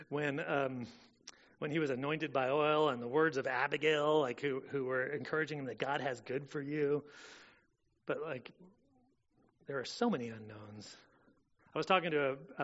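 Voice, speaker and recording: A man preaching a sermon in a casual way, full of fillers, rising loud and dropping soft. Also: on the high side, lo-fi sound. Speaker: pastor.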